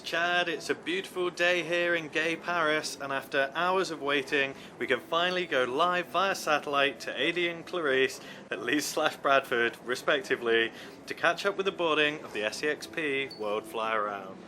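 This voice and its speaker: A man's voice: on the high side, normal speed, sharp tone, slight background noise. A man playing a breezy field reporter using a newsreader cadence.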